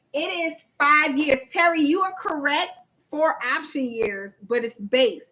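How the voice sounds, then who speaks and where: A woman's voice: sits high, bright, forceful tone, poor audio. A woman hosting a casual livestream, chatty and slangy, quizzing viewers and reading their chat aloud. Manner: laughs often, slangy, addresses audience as y'all. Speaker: livestream host coaching on government contracts.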